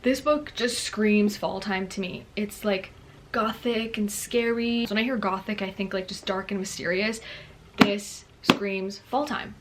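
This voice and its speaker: A woman's voice: mid-range voice, steady tone, normal speed, noisy background. A young woman chatting casually to camera as a book vlogger, bubbly and full of fillers. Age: young adult. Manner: bubbly, chatty, lots of "like" and "girlie".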